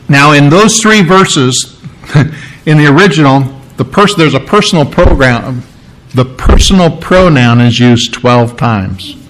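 A man's voice: sits high, a bit bright, rough recording. A man preaching a sermon, explaining scripture word by word in an earnest, teacherly way and repeating key phrases for emphasis. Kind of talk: sermon with Bible reading.

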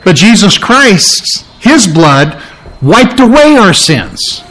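A male pastor delivering a sermon with a slightly high-pitched voice. He talks emphatically, repeating his key phrases and stopping to unpack the meaning of words. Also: very animated, slow pace, a bit bright, poor audio.

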